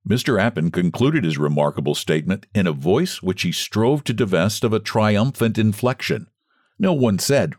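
A man narrating a story in a measured, expressive audiobook style. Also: lowish voice, no room sound, clean studio sound.

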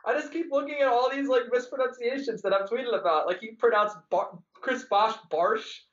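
High-voiced excitable man, lo-fi. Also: brisk. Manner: rambling, excitable, trails off mid-sentence. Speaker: podcast guest, sportswriter. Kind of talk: casual podcast chat. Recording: dull lo-fi sound.

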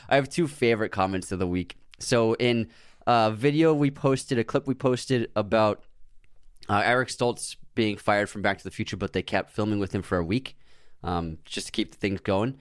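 A man's voice: on the low side, lively intonation, moderate pace, no echo, studio quality. A man co-hosting a podcast in casual chat, often laughing as he reads out listener comments. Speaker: podcast co-host.

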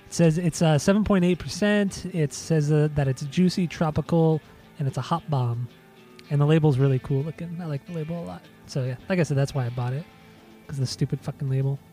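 A man's voice: a little high, brisk, mellow, soft background music. A man co-hosting a podcast, chatting casually and laid-back, swearing and teasing as he talks. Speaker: podcast co-host. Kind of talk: casual chat.

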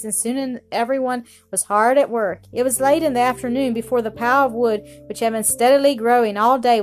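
A woman reading a children's story aloud in a gentle manner, with small slips and restarts. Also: fairly high pitch.

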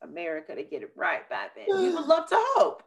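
A woman hosting a podcast, chatting casually and telling a rambling, animated story with acted-out quotes. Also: high voice, fairly quick, creaky, crowd noise. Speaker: podcast host. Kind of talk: casual chat.

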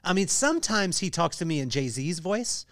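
High, lively male podcast host. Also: moderate pace, no echo, studio quality. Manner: playful, teasing questions. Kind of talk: casual interview talk.

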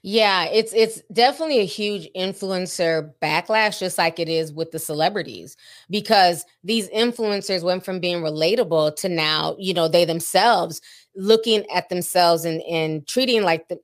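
A woman co-hosting a podcast, chatting casually with many fillers and reading a sponsor spot. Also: on the low side. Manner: chatty, drawn-out filler-heavy talk. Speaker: podcast co-host.

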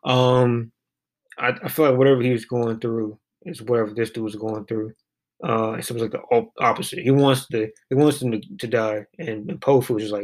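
A man's voice: mid-range voice, steady tone, fairly quick. Rambling man chatting about poems. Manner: rambling, many fillers and restarts. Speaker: poetry reading vlogger. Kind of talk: casual commentary on poems.

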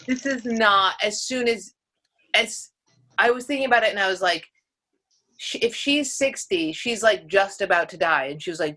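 A woman's voice: mid-range voice, normal speed, pushed and bright. A woman in her thirties in casual chat, telling stories animatedly and swearing. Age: 30s.

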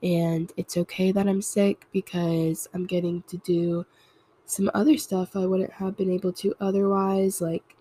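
A young woman hosting her own podcast, talking in a casual, reflective way while congested and raspy from a cold. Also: fairly low pitch, flat delivery, unhurried, mellow. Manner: reflective, rambling, with many fillers. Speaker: podcast host. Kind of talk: casual solo podcast talk.

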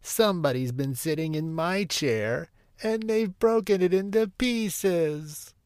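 A man doing a squeaky little bear cub. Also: takes it slowly, a little mellow, smooth, no echo, clean studio sound. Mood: upset. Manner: high, crying squeak. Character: baby bear, tiny high-voiced cub.

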